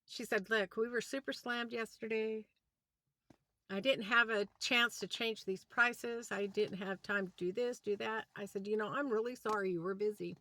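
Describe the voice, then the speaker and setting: Inside a van, a woman vlogger rants through a storytime at normal speed, her voice sitting a little high. She animatedly retells what happened, playing both sides of the conversation with quoted dialogue.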